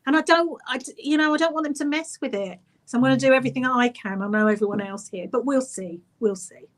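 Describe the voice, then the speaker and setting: A woman with an Estuary English accent, a radio presenter chatting as a guest and telling animated stories with acted-out voices. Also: high-pitched, fast talker. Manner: animated storyteller, acts out voices. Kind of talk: casual chat.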